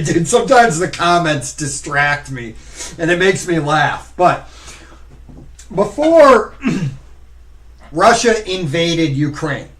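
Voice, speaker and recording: A man hosts a live stream in a loose, rambling way, talking straight to the viewers reading the comments. His voice sits a little high for a man, and he takes his time, drawing out each thought slowly. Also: fairly bright tone. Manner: rambling, conversational, addresses chat directly. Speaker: streamer host.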